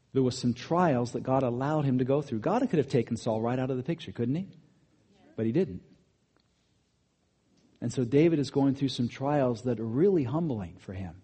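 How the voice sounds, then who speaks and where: A man preaching a sermon, animated, rising to emphatic peaks and dropping to quiet asides. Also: mid-range voice, husky. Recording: long hall reverb.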